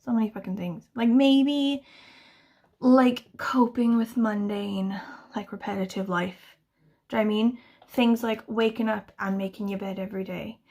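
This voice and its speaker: A woman's voice: medium pitch, fairly even intonation, normal speed, mellow. A woman in her thirties chatting casually to camera, rambling and swearing freely in exasperated rants. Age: 30s. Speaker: booktuber answering a tag.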